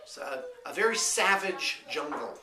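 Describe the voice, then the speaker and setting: A man's voice: on the high side, animated, unhurried, echoey room, recorded from a distance, crowd noise. A man giving a casual, rambling vlog update, full of hesitant fillers. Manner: chatty, hesitant with lots of fillers. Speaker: vlogger and small business owner.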